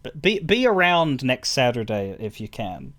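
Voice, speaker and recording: Rambling streamer man, chatty and animated. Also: mid-range voice, moderate pace. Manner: rambling, stammering, chuckling to chat. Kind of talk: casual stream chat.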